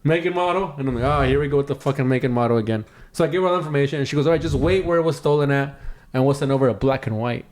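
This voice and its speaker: A man co-hosting a podcast, telling a story in casual chat, acting out other people's lines with sudden jumps in pitch and lots of swearing. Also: rapid-fire. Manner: animated, acts out quotes with big pitch jumps, swears a lot. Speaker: podcast co-host.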